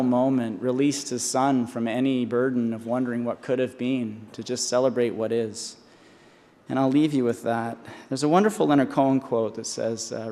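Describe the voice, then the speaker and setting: Brief: man, 40s, earnest graduation speaker, mid-pitched voice, podium mic, long hall echo. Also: steady tone, normal speed, warm tone. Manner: earnest, with restarts and repetitions. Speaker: honorary doctorate speaker. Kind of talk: commencement speech. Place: large convocation hall.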